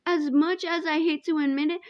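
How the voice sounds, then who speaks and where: A woman's voice: sits high, steady tone, brisk, no echo, dull audio. A young woman reading a fanfic aloud in a casual way, often giggling as she goes. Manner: giggly, often breaks into laughter. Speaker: fanfic reader.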